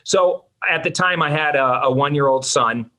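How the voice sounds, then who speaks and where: Bright-voiced man telling a lively story. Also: a little high, moderate pace. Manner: animated, self-mocking storyteller. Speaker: podcast guest, entrepreneur. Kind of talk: storytelling in a podcast interview.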